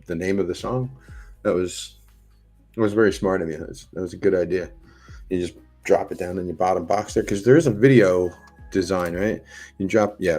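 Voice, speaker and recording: A man with a fairly low voice hosts a laid-back livestream. He rambles along, replies to his viewers and reads their comments aloud, and faint music plays behind him. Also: a little mellow. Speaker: streamer. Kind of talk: casual live-stream chat.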